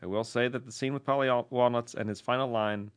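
A man's voice: medium pitch, fairly even intonation, fast, clear, resonant tone. A man co-hosting a podcast, chatting wryly and reading out listener messages. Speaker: podcast co-host. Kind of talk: casual chat, reading listener mail.

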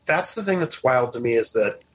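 A man's voice: medium pitch, animated, brisk, husky, low-quality recording. A man co-hosting a podcast in casual chat. He rambles, restarts often, and laughs easily. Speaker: podcast co-host.

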